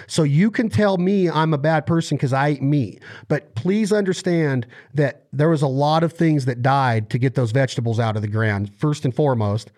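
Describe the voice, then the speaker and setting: A man's voice: fairly high pitch, a little mellow. A man in his thirties from the United States, telling stories and ranting passionately in a casual conversation. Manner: impassioned, ranting, storytelling. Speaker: podcast guest.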